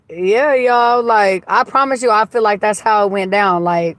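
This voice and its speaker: A woman chats her way through a livestream from a car, talking into a phone at a middle pitch. She is blunt and gossipy, swears freely and answers viewer comments as they come in. The sound is dry and close, with no room echo. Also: a little slow, a bit bright. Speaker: livestream host. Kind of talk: casual live-stream chat reading comments. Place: inside a car.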